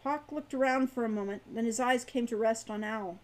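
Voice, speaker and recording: A woman reading her own fantasy novel aloud in a measured, expressive way. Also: a little high, poor audio.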